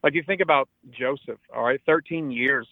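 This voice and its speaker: A man's voice: mid-range voice, moderate pace, no room sound. Man in his forties, pastor, earnest preaching delivery, repeats words for emphasis, tinny phone line, dry sound. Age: 40s. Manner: earnest, exhortative, repeats words when stressing. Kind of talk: radio interview, preaching tone.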